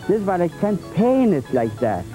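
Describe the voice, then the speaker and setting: A man demonstrating oil painting on a 1980s TV show, talking in a halting, repetitive way with many fillers and playful folksy phrases. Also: sits high, very animated, music in the background, rough recording. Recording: 1980s TV tape transfer.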